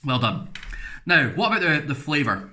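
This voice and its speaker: A man's voice: a little high, sing-song, normal speed, bright, forceful tone. An English man giving a casual, frank food review, rambling through chatty asides as he tastes.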